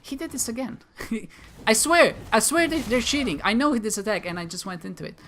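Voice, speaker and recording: Guy doing gameplay commentary, bright tone, jokes at himself and the enemies. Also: high-pitched, brisk, slight background noise. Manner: joking, self-mocking, talks to enemies. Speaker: gamer, video host.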